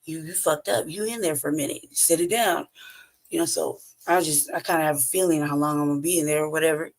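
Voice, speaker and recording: Gravelly, profane man telling stories. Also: a little high, quick pace. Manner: profane, blunt, laughs often between phrases. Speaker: podcast host. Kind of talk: casual storytelling monologue.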